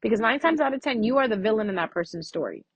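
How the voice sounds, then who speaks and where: Frank, husky-voiced woman astrology vlogger. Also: on the high side, lively intonation, fast, no echo, poor audio. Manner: frank, profane, chatty. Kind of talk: casual spoken astrology reading.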